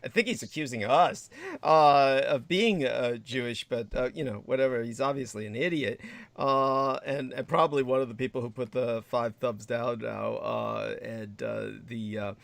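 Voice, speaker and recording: A man's voice: mid-range voice, normal speed, vocal fry, dry recording. Livestream host guy, flustered, lots of uh and um, dry close mic. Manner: flustered, exclaiming, many fillers. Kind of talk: casual livestream chat.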